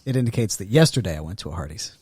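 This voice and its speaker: A man's voice: on the low side, animated, very fast, darkish tone, slightly rough, dry recording, studio quality. Joking, opinionated man podcast co-host. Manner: joking, opinionated, trails off mid-sentence. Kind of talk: casual chat.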